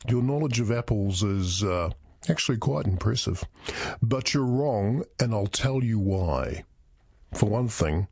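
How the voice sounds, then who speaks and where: Pompous husky-voiced male radio host. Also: lowish voice, a little mellow, dry recording, clean studio sound. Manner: pompous, condescending. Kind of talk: comedy sketch radio host.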